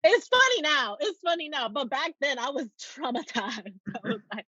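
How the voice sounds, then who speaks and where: A young woman with a high, bright-pitched voice tells a travel story as a podcast guest, animated and quick to laugh, acting out the people in it. The sound is dry and a little dull and lo-fi. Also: no room sound. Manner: animated, laughs often, acts out quotes. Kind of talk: casual storytelling.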